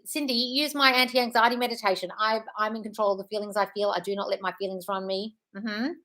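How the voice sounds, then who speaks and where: A brisk woman in her thirties hosting a casual live stream. She reads viewer questions aloud and answers each one with quick, frank reassurance. Her pitch sits in the middle of the usual range, and she keeps calling people "darling". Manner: frank and breezy, calls listeners "darling". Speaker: manifestation coach hosting a live Q&A.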